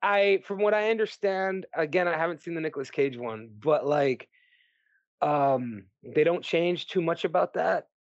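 A man co-hosting a podcast, chatting casually about movies in an animated, ranting way and swearing freely. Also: on the high side, moderate pace, no room sound. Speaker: podcast co-host. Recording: dry, dull lo-fi sound.

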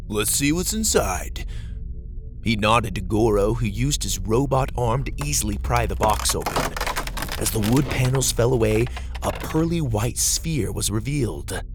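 A man narrating a children's story in a gentle, steady storytelling manner. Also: mid-range voice, creaky.

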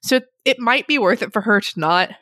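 A woman's voice: on the high side, a little fast, sharp tone, no echo, clean studio sound. A woman in casual chat about a book, rambling and laughing often as she retells scenes. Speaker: book podcast co-host.

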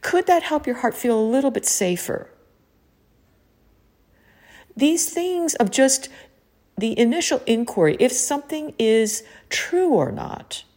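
A woman hosting a podcast, talking listeners through a gentle, probing self-inquiry with many questions. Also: a little high, sing-song, measured pace, long pauses. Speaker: podcast host. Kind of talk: reflective coaching talk.

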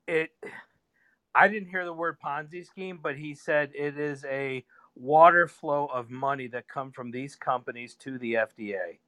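Bright-voiced man correcting others. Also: medium pitch, unhurried, no echo. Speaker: caller. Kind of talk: casual debate.

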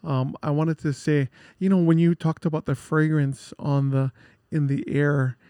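A man hosts a radio show and cheerfully sets up the next song. His voice sits a little high for a man and comes across close and dry in the studio. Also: little pitch movement, unhurried, dark tone, no room sound. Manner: enthusiastic, chatty, introduces songs. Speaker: radio host. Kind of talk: casual radio chat.

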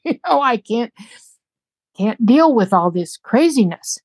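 A woman's voice: mid-range voice, expressive, slow pace, long pauses, no echo. A woman in her sixties, a podcast guest, speaking candidly and reflectively, often repeating herself as she thinks. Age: 60s. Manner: soft-spoken, candid, repeats phrases while thinking. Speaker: interview guest.

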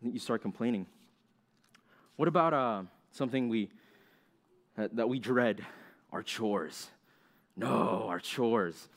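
Young man preaching in a casual, questioning way. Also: mid-range voice. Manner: conversational, asks the listeners questions; acts out complaining voices in quick asides. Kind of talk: sermon.

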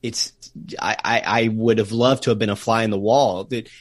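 Lower-voiced man explaining travel history. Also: steady tone, no echo. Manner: explanatory, slows to stress key words. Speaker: travel podcast co-host. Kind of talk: casual podcast chat. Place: remote call recording.

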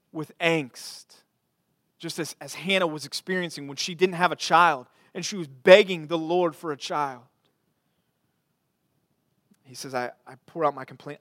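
A man preaching a sermon as pastor, earnest, repeating phrases and swinging from quiet to emphatic. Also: a little high, no room sound, studio quality.

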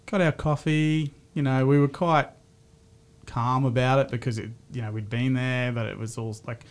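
A man's voice: mid-range voice, steady tone, moderate pace. A man in his thirties with an Australian accent, telling a personal story in casual podcast conversation, candid and swearing freely.

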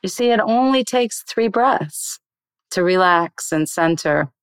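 A woman meditation teacher explaining meditation in an interview and then slowly guiding a breathing exercise in a soothing voice. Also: on the low side, animated, clean tone, no room sound.

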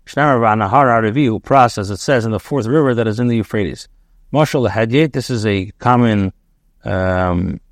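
Rabbi reading and translating, dry sound. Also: male voice, medium pitch, dry recording. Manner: reads a phrase, then translates it, with frequent ums and self-corrections. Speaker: rabbi teaching a daily Torah class. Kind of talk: reading and translating Hebrew text line by line.

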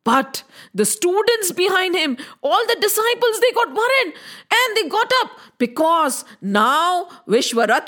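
A woman telling a children's story in an animated way, asking listeners questions and adding sound effects. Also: very high-pitched.

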